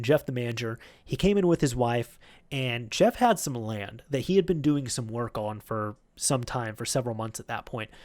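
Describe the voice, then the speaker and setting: Man casually rambling through a story. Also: medium pitch. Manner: rambling, chatty, with many fillers and restarts. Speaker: YouTube host.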